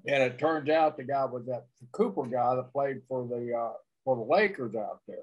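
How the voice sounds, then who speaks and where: A man's voice: mid-range voice, moderate pace, lo-fi sound. A man in a casual chat, telling an easygoing, folksy anecdote and quoting the people in it.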